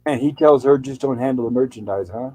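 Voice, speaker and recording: In a rough recording, a man of medium pitch and dark tone talks fairly quickly as he hosts a casual show. He goes back over an old TV episode, quoting its lines in a loose, chatty recap.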